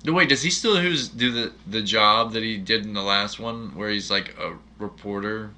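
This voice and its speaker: A man in casual chat about a movie, animated and jokey, firing off quick questions. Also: fairly low pitch.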